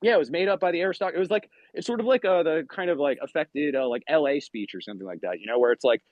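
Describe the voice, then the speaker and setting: A man from New England talks in a loose, animated ramble full of swearing. His voice sits a touch high. The recording is close and dry, with a muffled lo-fi tone. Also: fast, dry recording. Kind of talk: casual chat.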